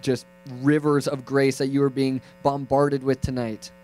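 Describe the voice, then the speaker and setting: A young man preaching a lively, conversational sermon that swings from loud to hushed, with playful asides. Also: mid-range voice, measured pace, faint music behind, poor audio.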